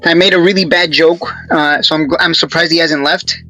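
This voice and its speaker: A man's voice: a little high, steady tone, a little fast, sharp tone, soft background music, low-quality recording. A man hosting his own channel, giving casual stock chart commentary in a rambling, joking way with lots of restarts.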